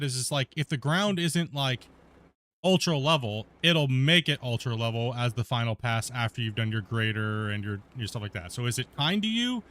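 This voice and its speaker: A man's voice: medium pitch, fairly bright tone. A man hosting a podcast stream in casual chat, talking to his live viewers and laughing easily as he goes. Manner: chatty, laughing, addresses viewers directly.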